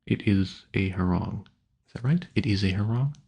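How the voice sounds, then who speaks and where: A man's voice: lowish voice, brisk, darkish tone, slightly rough. A man rambling casually at a home mic, musing aloud and stumbling over hard words he sounds out. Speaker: audio creator.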